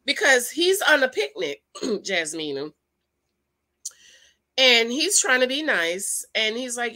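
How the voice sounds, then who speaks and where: Sassy woman with a bright, lively voice. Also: high-pitched, slow, long pauses. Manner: sassy, talks back to the screen. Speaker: reality TV reviewer. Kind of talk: casual reaction commentary.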